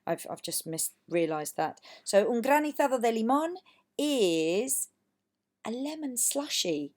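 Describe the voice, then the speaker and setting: A woman's voice: on the high side, sing-song, unhurried, a little mellow. A woman teacher from England giving a recorded lesson, patient and encouraging, saying words for students to repeat. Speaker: language teacher.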